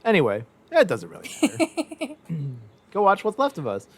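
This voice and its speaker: A man's voice: sits high, huge pitch swings, normal speed, background noise. Laughing, rambling man hosting a podcast. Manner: rambling, laughs often, many fillers. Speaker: podcast host. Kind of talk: casual podcast chat.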